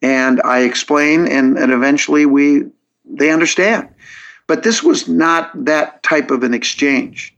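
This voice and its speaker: A man's voice: a little high, unhurried, fairly bright tone. Earnest man telling a story, lo-fi sound. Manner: logical, earnest storytelling with frequent restarts. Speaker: guest. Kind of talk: podcast interview. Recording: dull lo-fi audio.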